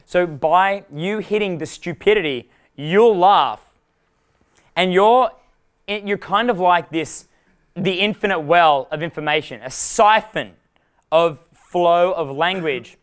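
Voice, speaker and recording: A man's voice: sits high, takes it slowly, clean tone. Brash young man coaching a workshop. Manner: rambling, profane, laughs at his own jokes. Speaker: dating coach. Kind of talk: live workshop talk.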